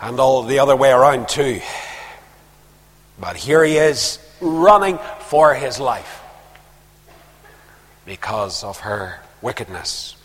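A man preaching a sermon, reading verses aloud and stopping for quiet, conversational comments. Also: medium pitch, expressive, slow pace, pauses often, husky. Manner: reads verses aloud, then drops into quiet conversational asides. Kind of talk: sermon, reading scripture with asides. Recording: long reverb of a large hall.

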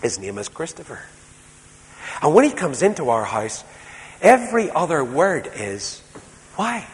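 A man preaching a sermon as a storyteller, moving between soft, quiet passages and loud, emphatic ones. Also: fairly high pitch, big pitch swings, normal speed. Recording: reverberant hall, faint background noise.

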